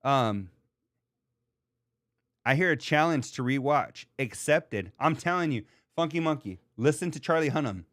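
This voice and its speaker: A man hosting a podcast in casual chat, rambling and excitable, with lots of filler words as he answers his live chat. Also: on the high side, unhurried, dry recording, studio quality. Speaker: podcast host.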